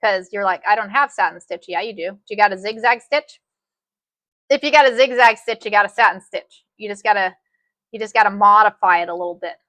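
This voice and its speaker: A woman's voice: mid-range voice, fairly quick, pushed and bright, no echo. A woman teaching a live sewing tutorial, chatty and folksy, often saying "y'all.". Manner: chatty, says "y'all" a lot. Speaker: sewing instructor.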